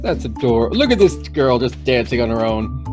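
A man's voice: mid-range voice, sing-song, fairly quick. A man playing a co-op farm game with a friend, giggly and playful, greeting the characters as he goes. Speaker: co-op gaming guest. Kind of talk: casual gaming chat. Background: game music.

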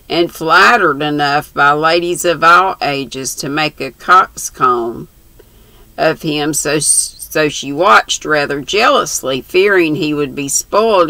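An older woman reading a novel aloud, slow and unhurried, stopping to correct herself and mutter asides. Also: low voice, gravelly, pushed and bright, dry recording, poor audio. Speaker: channel host reading aloud.

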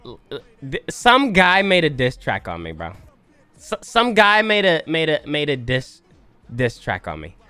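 A man's voice: a little high, wildly swooping pitch, measured pace, bright, forceful tone, soft background music. A man doing casual reaction commentary, incredulous and stumbling over his restarts. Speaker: reaction streamer.

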